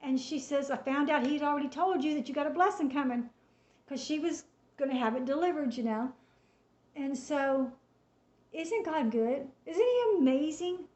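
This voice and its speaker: A woman casually retelling a personal faith testimony, chatty and animated, acting out the dialogue as she goes. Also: high-pitched, moderate pace. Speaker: storyteller sharing a faith testimony. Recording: echoey room, dull lo-fi sound.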